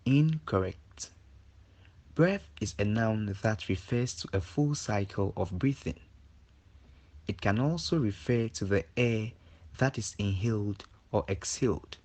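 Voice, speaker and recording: A man reading a scripted English vocabulary lesson, slow and measured, lifting his voice for each example sentence. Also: on the low side, a little mellow.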